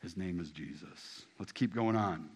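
A man preaching a sermon in casual everyday phrasing, talking straight to the congregation and swinging from hushed, low lines to loud, rising ones. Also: measured pace, slightly rough. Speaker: pastor.

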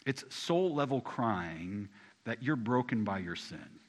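A man preaching a sermon in casual everyday phrasing, talking straight to the congregation and swinging from hushed, low lines to loud, rising ones. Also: animated, slow. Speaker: pastor.

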